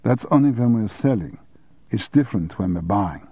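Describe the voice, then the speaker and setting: An unflappable garage mechanic, played by a male audiobook narrator, speaking in a low, husky, dry and measured tone that stays entirely unmoved. The sound is dull and muffled, close and without room echo. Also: animated. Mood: dry calm. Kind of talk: audiobook character voice.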